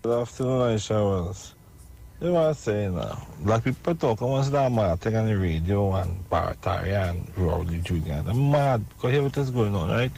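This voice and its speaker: A Trinidadian man calling in to a radio show, forcefully rallying listeners and often asking "right?". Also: lowish voice, expressive, moderate pace, gravelly, a little hiss or hum. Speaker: radio caller. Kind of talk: call-in radio rant.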